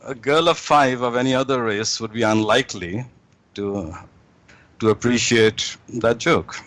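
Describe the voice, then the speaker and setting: A man's voice: medium pitch, measured pace, fairly bright tone, poor audio. A man guest in an interview, telling jokes in a rambling way with many restarts.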